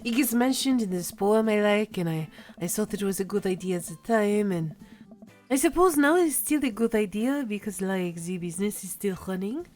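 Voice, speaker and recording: A woman's voice: mid-range voice, expressive, normal speed, a little mellow, faint music behind, natural voice. A woman voicing a laid-back hipster coffee-shop dad, putting on a French accent as she reads his rambling, self-deprecating lines. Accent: put-on French. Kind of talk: reading game dialogue aloud.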